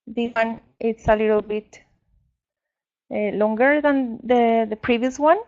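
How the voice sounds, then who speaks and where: A woman whose first language is Spanish, leading an online training for English teachers, explaining slowly with many fillers. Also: on the high side, phone-quality sound. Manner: slow, explanatory, with frequent fillers.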